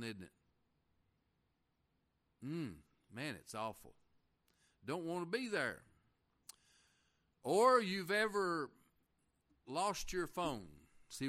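A man preaching a folksy sermon, reading scripture slowly and asking the congregation questions. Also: medium pitch, bright, forceful tone. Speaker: pastor.

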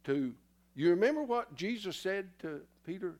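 A man's voice: high-pitched, expressive, moderate pace, a little mellow. A man preaching a sermon in a church in a folksy, teasing way, somewhat out of breath. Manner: folksy, teasing the congregation, spells words letter by letter.

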